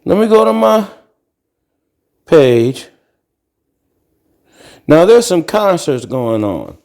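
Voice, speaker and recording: A man's voice: fairly high pitch, sing-song, slow, a little mellow. A middle-aged man from Ohio hosting a podcast, ranting bluntly and profanely as he walks around his apartment. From Akron, Ohio. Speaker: podcast host. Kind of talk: casual monologue vlog. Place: carpeted apartment living room, walking into tiled kitchen.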